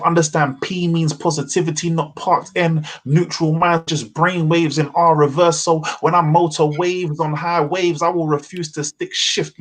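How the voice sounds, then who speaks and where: Husky man performing spoken word. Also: fairly high pitch. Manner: measured rhythmic delivery with wordplay. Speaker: open mic poet. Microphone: video call.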